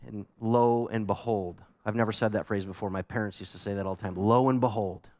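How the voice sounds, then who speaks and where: A male pastor preaching a sermon, earnest and animated, repeating words for emphasis. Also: fairly low pitch, fast talker, in a large hall. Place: church sanctuary.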